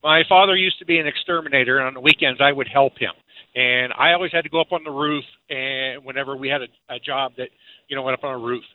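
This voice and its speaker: A man calling into a radio show, telling a story in a steady, earnest way. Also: medium pitch, fast, dry recording. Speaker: caller. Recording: tinny phone line.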